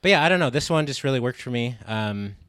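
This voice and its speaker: A man's voice: mid-range voice, lively intonation, fast talker, fairly bright tone, dry recording, studio quality. A man in a casual film chat, speaking in a laid-back, hesitant way with many fillers.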